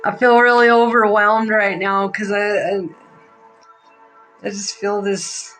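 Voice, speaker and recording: A woman leads a live tarot reading in a slow, unhurried voice, pausing often and filling the gaps with soft ums. She sounds moved and close to tears. Faint music plays softly behind her. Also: mid-range voice, little pitch movement, low-quality recording. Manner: slow, emotional, halting with many fillers. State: near tears. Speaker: psychic reader.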